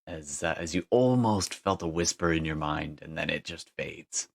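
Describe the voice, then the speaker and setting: A man's voice: rumbling low, moderate pace, creaky. A man narrating a tabletop game as game master, describing scenes at length with frequent fillers and restarts.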